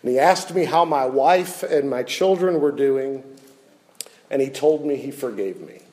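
A pastor preaching a sermon, his delivery swinging from loud, raised lines to hushed ones. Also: medium pitch, a little slow, rough recording.

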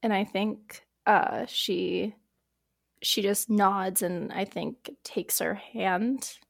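A woman's voice: mid-range voice, steady tone, extremely slow, creaky. A woman playing a tabletop role-playing game who describes her character's actions in a rambling way, full of fillers. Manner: rambling, lots of fillers like "like" and "I think". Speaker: player.

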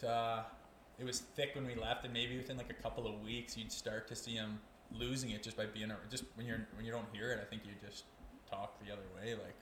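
A man's voice: lowish voice, flat delivery, a little fast, a bit bright, roomy sound, slight background noise. A man in his thirties from Canada, a former hockey player who is the guest on a podcast, telling stories in casual chat, cursing often and laughing through them. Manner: laid-back, swears a lot, laughs through his stories.

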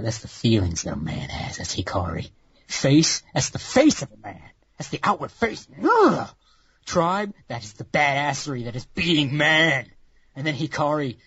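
A man on a casual podcast, ranting in a profane, over-the-top comic way, lurching from loud excitement to hushed mock-solemn lines. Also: mid-range voice, breathy edge, no room sound. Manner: wild swings from shouting to hushed mock-solemn tones. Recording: dull lo-fi recording.

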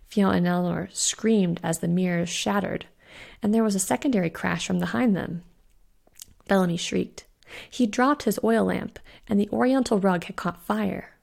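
A woman, the author, reading her own spooky short story aloud with steady narration. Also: mid-range voice, moderate pace, gravelly. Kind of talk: scripted narration.

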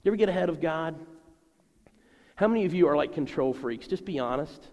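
A man preaching a sermon to a congregation, animated and acting out the voices he quotes. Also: on the high side, fairly quick, long reverb tail. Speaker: pastor.

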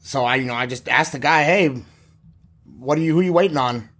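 Guy playing a nervous young witness, lots of "you know", kinda high voice. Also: fairly bright tone. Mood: rattled. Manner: halting, casual, many fillers. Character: young male aspiring chef, shaken neighbor. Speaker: eyewitness.

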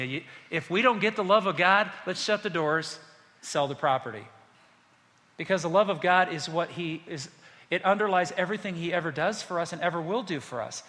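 A man's voice: high voice, pushed and bright, long reverb tail. A man preaching a sermon as pastor, speaking passionately and addressing the congregation directly.

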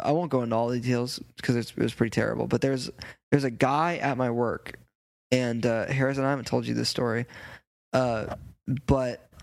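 A man's voice: mid-range voice, creaky, dry recording. A young man co-hosting a casual podcast chat from a late-night road trip, telling rambling stories and laughing often. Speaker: podcast co-host.

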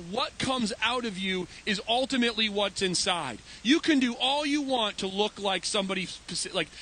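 A man's voice: sits high, poor audio. A man preaching a sermon as pastor, telling stories and acting out voices as he goes. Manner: animated, acts out voices in anecdotes. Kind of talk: storytelling sermon. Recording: faint hiss.

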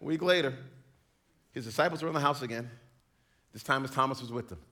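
A man preaching a sermon in a lively, joking storytelling manner. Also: mid-range voice, fast. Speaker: pastor.

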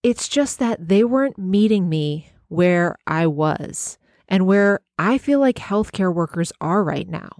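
A woman's voice: fairly low pitch, lively intonation, measured pace, darkish tone, dry recording, clean studio sound. A woman who works in healthcare, hosting a solo podcast in an emphatic, heartfelt, conversational way. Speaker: podcast host and healthcare worker.

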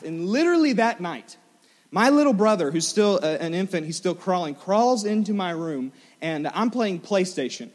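A young man preaching a sermon, telling a self-mocking story in an animated way. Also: sits high, moderate pace. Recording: large hall with long reverb.

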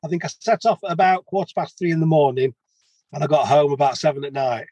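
A man's voice: on the high side, steady tone, fast, mellow, dry recording, poor audio. A man, a plumber telling rambling stories with laughs as an interview guest. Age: 50s. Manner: chatty, rambling anecdotes with laughs. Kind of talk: casual storytelling.

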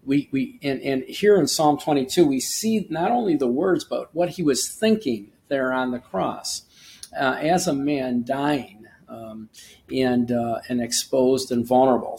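A man's voice: medium pitch, warm tone. Earnest man preaching a short devotional. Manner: earnest, restarts often, reads scripture aloud with emphasis. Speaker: podcast host and preacher. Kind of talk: informal devotional teaching.

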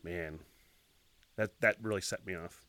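A man hosting a solo podcast, telling a rambling story with lots of swearing, laughing as he talks and shouting sound effects. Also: low voice, unhurried, no room sound. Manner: laughs while talking. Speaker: podcast host.

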